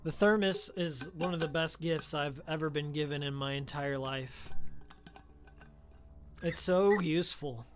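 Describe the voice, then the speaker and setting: A man with a highish voice talks unhurriedly while playing a game on stream, rambling into asides about older games. He records through a studio mic with a pop filter.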